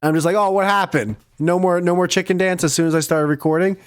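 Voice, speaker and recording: Animated, swearing male podcast host. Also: high-pitched, racing, clean tone, no echo, clean studio sound. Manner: animated, profane, laughs often. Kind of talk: casual storytelling chat.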